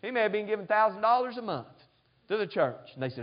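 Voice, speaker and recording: A man's voice: high voice, very animated, quick pace, lo-fi sound. A man preaching a sermon as pastor, often asking the congregation "amen?". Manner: preaching, frequent call-and-response "amen?".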